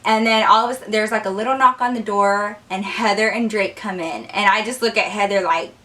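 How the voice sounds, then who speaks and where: A young woman casually telling a wild story on her vlog, animated and profane. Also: brisk, distant mic. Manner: animated, profane, acts out quotes with big pitch jumps. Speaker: storytime vlogger.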